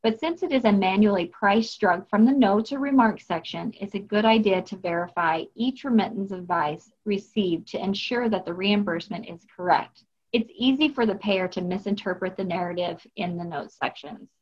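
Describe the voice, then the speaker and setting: A woman co-hosting a podcast walks listeners through billing rules in a measured, instructive way. Her voice sits at a middle pitch, and the recording sounds a little dull and lo-fi. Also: darkish tone. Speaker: podcast co-host, billing expert. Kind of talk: scripted explanatory podcast talk.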